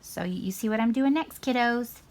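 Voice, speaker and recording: A woman's voice: fairly high pitch, brisk, darkish tone. A middle-aged woman teaching a painting lesson to children in a chatty, encouraging way. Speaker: art teacher.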